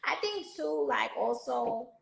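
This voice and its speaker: A woman co-hosting a candid casual chat, lively and slangy, backing up her co-host. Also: on the high side, slow pace, gravelly. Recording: echoey room.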